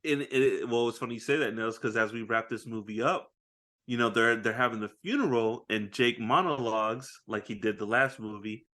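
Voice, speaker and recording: Animated man recapping a movie. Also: medium pitch, normal speed. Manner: animated storytelling, acts out lines, laughs often. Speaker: podcast co-host. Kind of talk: casual chat recapping a movie.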